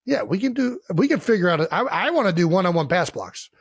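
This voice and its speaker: A high-pitched man from Ohio riffs loudly through podcast banter, swearing freely and joking between segments. His voice sits close on a dry studio mic with almost no room sound. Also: big pitch swings, fast, breathy edge, no room sound. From Cleveland Heights, Ohio. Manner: loud, profane, joking. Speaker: podcast co-host.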